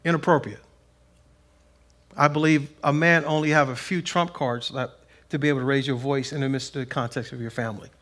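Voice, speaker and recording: A man preaching a conversational sermon in a plain-spoken, folksy way, swinging between loud emphasis and soft asides. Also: mid-range voice, steady tone, brisk. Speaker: pastor. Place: church sanctuary.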